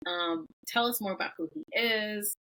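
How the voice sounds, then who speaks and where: A woman's voice: mid-range voice, moderate pace, bright, forceful tone, poor audio. A woman hosting a podcast, bubbly and enthusiastic in casual chat. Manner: bubbly, enthusiastic, uses fillers. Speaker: podcast host.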